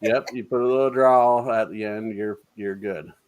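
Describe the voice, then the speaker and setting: A man's voice: on the low side, steady tone, moderate pace, darkish tone, smooth. A middle-aged man hosting a casual livestream chat, joking at his own expense in a laid-back way. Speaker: host.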